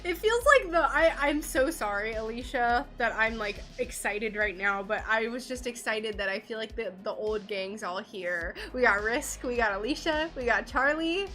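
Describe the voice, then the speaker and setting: Bubbly woman craft streamer, high voice, unhurried delivery, soft music behind. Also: lively intonation. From United States. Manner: bubbly and chatty, greets viewers warmly by name. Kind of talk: casual live-stream chat while painting glass.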